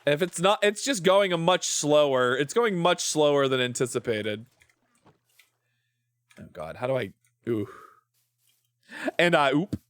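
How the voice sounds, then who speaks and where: A man's voice: on the high side, expressive, unhurried, pauses often, clean tone, dry recording. A man streaming a game, chatting casually in a playful, rambling way and swearing often. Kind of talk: casual gameplay chat.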